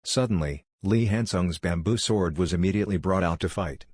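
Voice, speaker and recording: A man narrating a comic story recap in a steady, even way. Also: deep voice, a little fast, breathy edge, no room sound.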